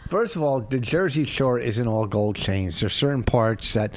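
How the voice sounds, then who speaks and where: A man's voice: mid-range voice, expressive, moderate pace, crowd noise. A middle-aged man co-hosting a show, teasing and nitpicking in sarcastic casual banter. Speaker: co-host reacting to a comedy clip.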